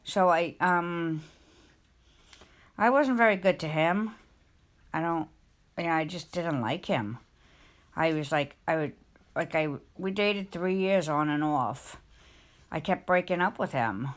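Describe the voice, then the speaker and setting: A woman's voice: low voice, slow pace, long pauses. Emotional woman streamer telling a story. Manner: rambling, emotional, confiding. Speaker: live streamer. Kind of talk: casual storytelling chat.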